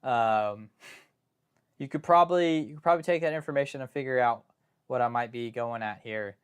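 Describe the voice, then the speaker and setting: A man's voice: mid-range voice, normal speed, clean tone. A young man hosting a live stream, chatting casually and rambling through joking asides and self-interruptions.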